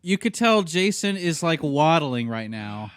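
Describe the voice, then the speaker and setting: A man's voice: on the high side, big pitch swings, a little slow, clean tone. A man co-hosting a podcast, chatting casually with an easygoing, joking manner. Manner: jokey, easygoing banter. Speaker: podcast co-host. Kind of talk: casual chat.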